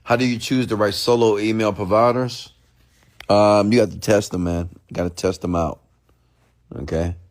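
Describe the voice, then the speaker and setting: A man's voice: on the low side, steady tone, moderate pace, no room sound, clean studio sound. A man hosting an unscripted livestream rant, talking casually and checking in with "okay?" and "get it?". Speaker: online marketing host.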